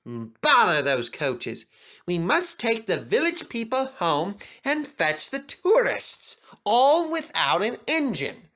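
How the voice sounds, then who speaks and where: A man's voice: extremely high pitch, huge pitch swings, pushed and bright, pitched above the performer's own voice, heavily acted. A man voicing a grim male railway manager who speaks curtly. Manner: grim, brisk.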